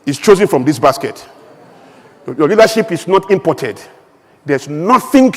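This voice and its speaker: A man's voice: on the high side, big pitch swings, a little slow, pauses often. A man from Nigeria, giving an emphatic, rhetorical speech with humorous asides as a conference speaker in a large event hall. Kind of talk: impassioned public speech. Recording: long hall reverb.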